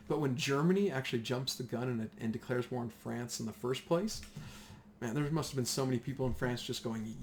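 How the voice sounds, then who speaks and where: A man teaching a casual history lesson, chatty and animated, acting out the voices of whole nations. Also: medium pitch, fairly quick, a little hiss or hum.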